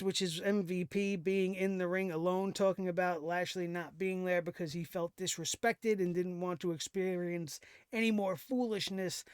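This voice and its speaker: A man with a fairly high, smooth, resonant voice rants through a casual show recap, sarcastic and exasperated, chuckling now and then. The sound is dry and close, with no room around it. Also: no echo. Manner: sarcastic, exasperated ranting with laughs. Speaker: wrestling show host.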